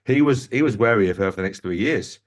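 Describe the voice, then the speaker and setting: A man, a football manager, telling lively stories in an interview and often addressing the host by name. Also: fairly low pitch, fast. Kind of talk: anecdotal interview storytelling.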